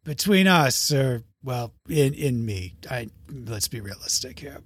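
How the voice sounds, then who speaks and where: Man voicing a friendly old scientist, rambling and halting, mid-pitched. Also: lively intonation, no room sound. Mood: flustered.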